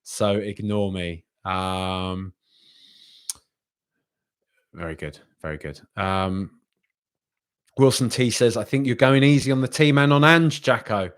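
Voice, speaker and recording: A young man hosting a live football reaction stream and reading out viewer comments in a chatty, animated way, often repeating himself. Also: fairly low pitch, slow pace, pauses often, clear, resonant tone. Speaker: football podcast host.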